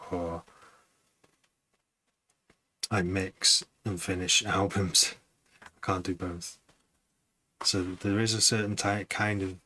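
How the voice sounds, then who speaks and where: Deep-voiced man streaming, low-key. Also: a little hiss or hum. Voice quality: low-key, somewhat monotone delivery. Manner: rambling, self-correcting, thinking out loud. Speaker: music producer streaming his session. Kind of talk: casual live stream chat.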